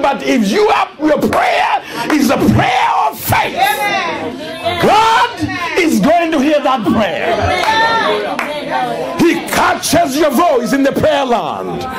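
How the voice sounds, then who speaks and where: A man preaching a fervent sermon in a church, often shouting. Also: extremely high pitch. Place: church with congregation. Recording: congregation responding behind.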